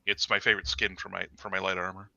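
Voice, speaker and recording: A low-voiced man with a gravelly, sharp-edged tone chats casually about a game, stumbling over repeated words. His voice comes through a dull, lo-fi mic. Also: flat delivery, fast talker, no room sound. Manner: stammering restarts, agreeable. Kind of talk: casual gaming chat.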